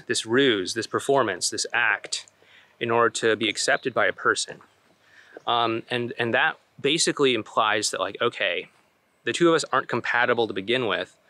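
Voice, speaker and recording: A man's voice: medium pitch, bright, forceful tone. A young adult man, a relationship coach, talking earnestly on a walk outdoors in a forest, with fillers and restarts. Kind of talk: casual advice vlog.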